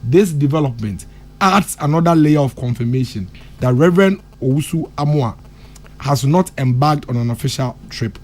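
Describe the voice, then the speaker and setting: On a morning radio talk show, a Ghanaian panelist with a Ghanaian accent comments passionately, switching between English and Twi and repeating phrases for emphasis. His medium-pitched, darkish voice is expressive and moderately paced.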